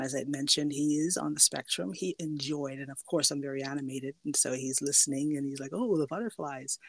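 A woman's voice: deep voice, no room sound. A woman hosting a podcast in casual interview chat, chatty and laughing often, restarting her sentences as she goes. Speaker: podcast host.

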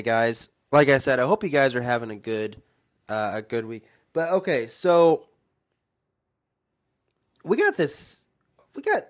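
A young man hosting a solo podcast, talking in a casual, rambling way and getting fired up as he rants. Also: mid-range voice. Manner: animated, rambling, gets fired up and ranting. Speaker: podcast host.

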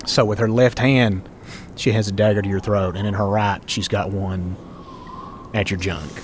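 A man narrating a tabletop game as game master in relaxed, descriptive speech. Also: on the low side, moderate pace, slight background noise.

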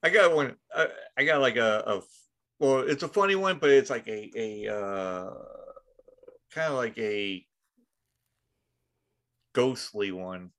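A man's voice: medium pitch, a bit bright. A man co-hosting a podcast, chatting casually and starting a story with many restarts. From Long Island. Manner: halting, full of restarts and fillers. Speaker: podcast co-host. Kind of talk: casual chat.

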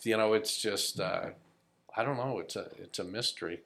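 A man's voice: on the low side, normal speed, vocal fry, a bit bright. A man who is a comedian, a guest on a podcast, telling profane stories in casual chat and acting out the quotes. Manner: profane, storytelling, acts out quotes.

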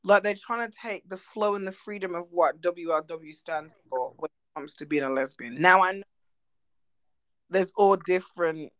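A woman's voice: on the low side, moderate pace, a bit bright, no room sound, rough recording. A woman co-hosting a podcast, talking bluntly and animatedly and swearing freely. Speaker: podcast co-host. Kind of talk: casual chat.

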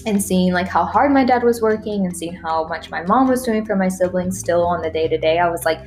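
A woman's voice: fairly low pitch, a little fast, darkish tone, faint music behind. A woman in her thirties from Texas, a native Spanish speaker, talking casually as a podcast guest, laughing often and acting out remembered conversations. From Texas, USA.

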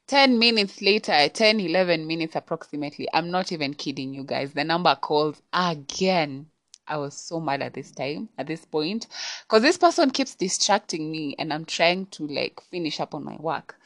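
A woman's voice: deep voice, no echo. Chatty young Kenyan woman telling a story. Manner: chatty and exasperated, addressing listeners. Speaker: podcast host. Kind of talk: casual storytime. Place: home on a rainy night.

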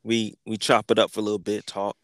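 A man hosting a podcast, telling a comic story in a crude, animated way full of profanity. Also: fairly low pitch, quick pace, no echo. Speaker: podcast host.

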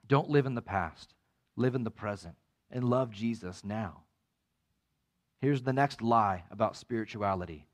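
A man preaching a sermon as pastor, animated and acting out quoted voices with big swings in pitch. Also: unhurried.

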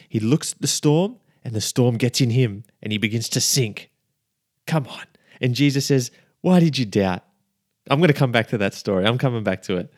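A man preaching a lively, emphatic sermon as a minister, often checking in with the listeners. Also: mid-range voice, no echo, clean studio sound.

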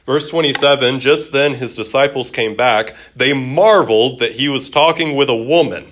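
A man's voice: medium pitch, normal speed, echoey room, a little hiss or hum, low-quality recording. Bible teacher quizzing his class. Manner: lively, quizzing students and acting out quotes. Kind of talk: classroom Bible lesson with questions.

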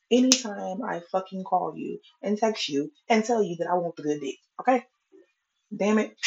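Woman vlogger, mid-pitched, profane and exasperated comic rant, muffled lo-fi sound. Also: darkish tone, slight background noise. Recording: dull lo-fi recording.

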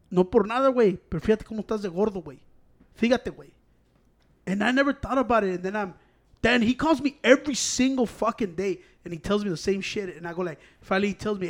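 Swearing often, this young man shifts back and forth between Spanish and English. His voice is high for a man, and his talk is loose, casual and rambling.

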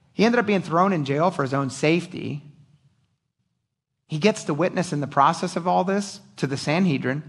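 A middle-aged man preaching a sermon, animated and casual, joking and acting out voices. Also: on the high side. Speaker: pastor.

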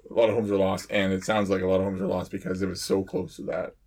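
A man who works as a firefighter, telling fire stories in a rambling, halting way with lots of pauses and laughs. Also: low voice, flat delivery, gravelly, a little mellow. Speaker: firefighter, podcast co-host. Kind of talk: casual chat.

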